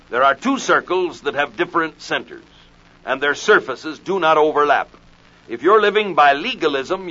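Measured male preacher, dull lo-fi sound. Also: fairly high pitch, bright, forceful tone. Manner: measured, deliberate, reads scripture in King James wording. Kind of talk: expository sermon on scripture.

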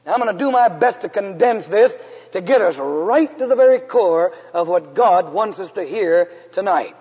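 A man from San Antonio, Texas, preaching a storytelling sermon in an earnest way, sometimes dropping to a hush. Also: high voice, expressive, moderate pace, husky. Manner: earnest narrative preaching, drops to hushed tones for emphasis. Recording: dull, echoey hall recording.

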